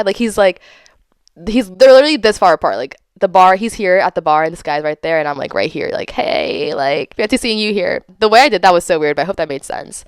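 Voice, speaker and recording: A young woman hosting a podcast, telling a dating story in a casual, animated way and acting out her own and others' lines with playful voices. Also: medium pitch, clear, resonant tone, dry recording, studio quality. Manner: animated, dramatic, acts out quotes with exaggerated voices. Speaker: podcast host.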